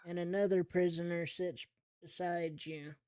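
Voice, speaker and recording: A man running a tabletop game as game master, narrating in an easygoing, slow descriptive way. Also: sits high, flat delivery, a little mellow, dry recording.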